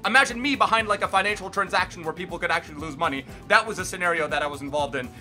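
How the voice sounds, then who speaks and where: A young man chats through a casual vlog Q and A from his bedroom, talking fast in a bright, forceful voice. He keeps it loose and energetic, jumping into loud excited bursts, with faint music under him. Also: high-pitched. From Miami, United States. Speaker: gaming YouTuber host. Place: bedroom at home.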